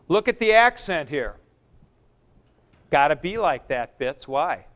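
Slow, deliberate male lecturer. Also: a little high, big pitch swings, fairly bright tone. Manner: deliberate, explanatory, with asides. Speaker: Greek teacher. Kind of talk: classroom lecture. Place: classroom.

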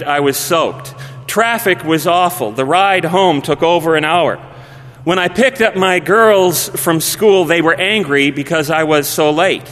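Male pastor, sermon storytelling, high voice, unhurried, hushed phrase endings, big hall reverb. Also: a little hiss or hum. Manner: measured, dropping to a hushed voice at phrase ends. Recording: long reverb of a large hall.

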